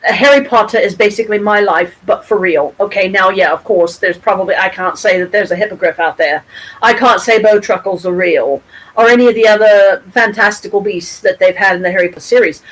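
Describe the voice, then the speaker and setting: A middle-aged woman from Michigan telling a story to her camera at home, rambling and animated, with frequent restarts and casual swearing. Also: medium pitch, a little fast, rough recording. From Pontiac, Michigan, USA. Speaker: vlogger. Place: at home, with her cat nearby.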